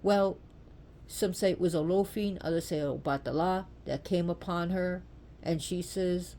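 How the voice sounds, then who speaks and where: Impassioned woman storyteller, lowish voice. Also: measured pace, warm tone, a little hiss or hum. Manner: impassioned, repetitive, asks the listener direct questions. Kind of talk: emotional oral storytelling of myth.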